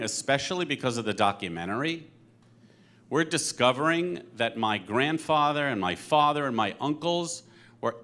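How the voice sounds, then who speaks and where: A man speaking at a panel conversation as a company co-president, earnest and halting, getting teary. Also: mid-range voice, a bit bright. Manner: earnest, emotional, halting with fillers. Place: synagogue event hall.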